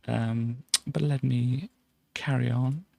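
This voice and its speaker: A man's voice: medium pitch, fairly even intonation, takes it slowly, vocal fry, warm tone, slight background noise. A man streaming a game, giving a playful, chatty tour of a build and tossing in silly sound effects. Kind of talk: casual gameplay commentary.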